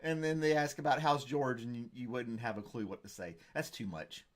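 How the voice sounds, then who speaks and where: A man's voice: mid-range voice, animated, a little fast. A man hosting a casual live stream, rambling and joking as he reads viewer comments. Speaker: host.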